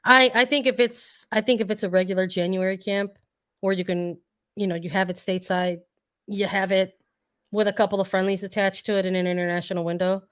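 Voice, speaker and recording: A woman co-hosting a casual sports podcast, hoarse and losing her voice, who often clears her throat and repeats words while she thinks. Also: mid-range voice, fairly even intonation, brisk, a bit bright. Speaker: podcast co-host.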